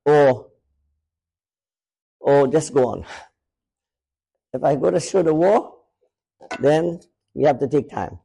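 High-voiced male preacher. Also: takes it slowly, gravelly, long pauses, dark tone, slightly rough, poor audio. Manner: emphatic, swings between raised and lowered voice. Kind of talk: sermon.

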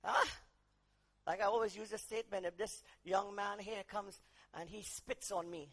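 A man preaching a sermon, dropping to quiet asides, rising to shouted emphasis, and acting out quoted voices. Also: high-pitched, fairly even intonation, moderate pace.

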